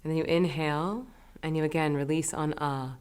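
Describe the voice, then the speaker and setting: Woman, meditation teacher, low voice, gentle, soothing, unhurried. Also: steady tone, clean tone. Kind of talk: guided meditation lesson.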